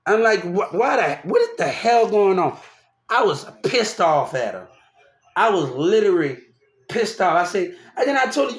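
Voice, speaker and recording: In a room with noticeable echo, a young man tells a rambling personal story at a moderate pace. His voice sits high, and he's animated, circling back and starting over again and again.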